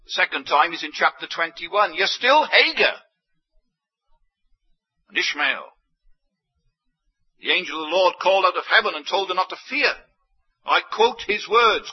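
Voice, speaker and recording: A man preaching a sermon, emphatic, with big swings in pitch and loudness. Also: lively intonation, unhurried, pauses often, breathy edge. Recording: dull lo-fi sermon recording.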